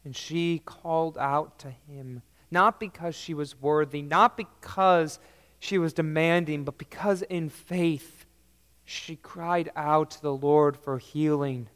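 High-voiced, slow, emphatic male preacher. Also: fairly even intonation, long reverb tail. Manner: emphatic, swings between loud declarations and soft low lines. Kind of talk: sermon.

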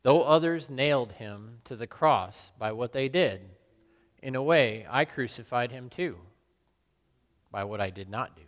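A man playing Peter, a remorseful, brash fisherman and apostle, in a slow, brooding first-person monologue with sudden loud outbursts. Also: mid-range voice, lively intonation, natural voice. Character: remorseful middle-aged fisherman apostle, brash, guilt-torn. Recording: long hall reverb.

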